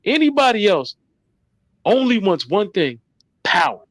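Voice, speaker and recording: Lively, blunt man lecturing. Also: sits high, measured pace, no echo. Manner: blunt, lecturing, repeats points. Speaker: podcast co-host. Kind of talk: casual chat.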